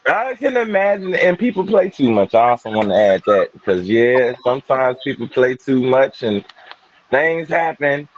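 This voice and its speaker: A man hosting a panel show in a relaxed, loose way, speaking straight to the viewers. His voice is mid-pitched, and the recording sounds a bit dull and muffled. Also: normal speed. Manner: casual, loose, talks to the audience. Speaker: host.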